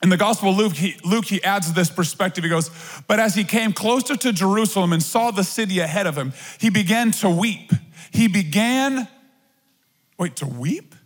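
A man preaching a sermon to his church, animated and conversational, with casual asides to the congregation. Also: high voice, brisk. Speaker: pastor. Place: church auditorium. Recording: long reverb of a large hall.

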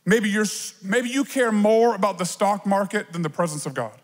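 A man preaching a lively sermon as a pastor, acting out little voices and playful asides. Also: sits high, moderate pace, big-room sound.

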